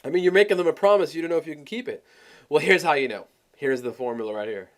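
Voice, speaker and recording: Guy running a sales webinar, kinda high voice, pumped and emphatic. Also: fast. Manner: animated, emphatic, coaching tone. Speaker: webinar presenter.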